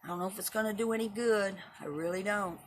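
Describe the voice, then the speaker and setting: A woman's voice: mid-range voice, fast talker, noisy background. A woman in her seventies from Texas, chatting casually with livestream viewers in a blunt, opinionated way and swearing freely. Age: 70s. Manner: blunt, opinionated and profane, talking straight to viewers. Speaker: livestream host. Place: at home and in her yard.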